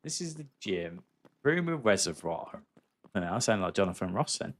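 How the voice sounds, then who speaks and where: A man's voice: deep voice, lively intonation, quick pace, slight background noise. A man chatting candidly and casually as he livestreams a game, swearing freely and calling his viewers mate. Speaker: gaming livestreamer. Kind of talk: casual live-stream chat while playing.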